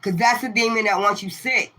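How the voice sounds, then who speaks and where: A woman's voice: mid-range voice, steady tone, brisk, pushed and bright. A woman streaming live to her viewers, ranting in a profane, confrontational way and firing the same rhetorical questions again and again. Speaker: tarot reader livestreamer. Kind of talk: livestream rant to viewers.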